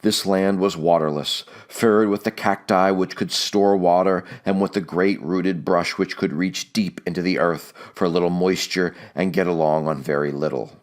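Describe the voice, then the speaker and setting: A man reading a novel aloud as an audiobook narrator, measured and steady. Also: sits low.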